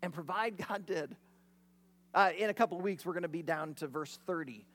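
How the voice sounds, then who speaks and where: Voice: medium pitch, fairly quick, fairly bright tone. A pastor preaching a sermon in a conversational, storytelling way.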